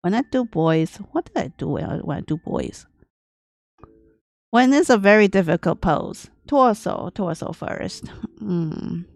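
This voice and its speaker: A woman artist thinking aloud as she draws on a livestream, talking in a deliberately aged, grandma-like voice in short, broken phrases. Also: medium pitch, expressive, creaky, no echo. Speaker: artist streaming her drawing process. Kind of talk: casual livestream commentary while drawing.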